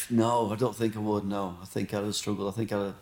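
A man's voice: fairly low pitch, level tone, fairly quick, darkish tone. A man from Blackburn, telling rambling, sweary stories as a guest in a casual interview. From Blackburn, England. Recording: roomy echo.

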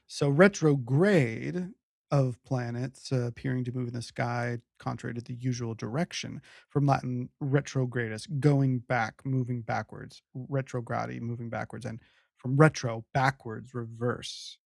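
A man's voice: medium pitch, steady tone, measured pace, vocal fry, darkish tone, dry recording, clean studio sound. A man in casual chat, reading dictionary entries on word origins aloud with fillers between them.

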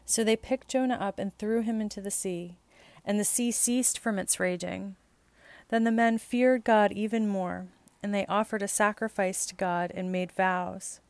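A woman reading scripture and canticles aloud in a measured, steady liturgical style. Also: medium pitch, no room sound. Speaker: scripture reader.

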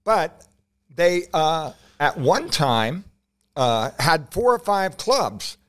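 A man's voice: on the high side, very animated, very slow, a bit bright, clear, resonant tone. Hesitant man recalling comedy clubs. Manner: hesitant, many uh fillers, dry quips. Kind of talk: casual chat.

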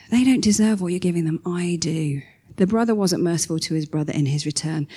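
A woman preaching a sermon, telling a story with lively acted-out quotes. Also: medium pitch. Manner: animated storytelling, acting out quoted voices.

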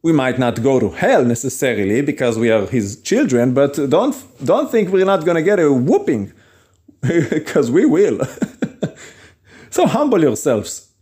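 Guy preaching hard, earnest, voice swoops up and down a lot, kinda mellow tone. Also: fairly high pitch, very animated. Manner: earnest, emphatic, with quick chuckles and acted quotes. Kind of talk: podcast sermon.

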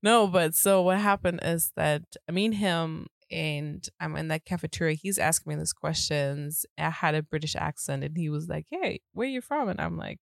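Lively woman podcaster telling a story. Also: deep voice, moderate pace, creaky, few pauses, no echo, studio quality. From Germany. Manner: animated, laughs often. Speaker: podcast co-host. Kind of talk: casual storytelling chat.

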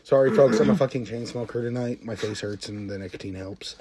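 A young man co-hosting a casual, crude podcast, telling stories with loud impressions and lots of swearing. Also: fairly low pitch, fairly quick, a loud crowd. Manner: profane, animated storytelling with loud impressions. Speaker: podcast co-host.

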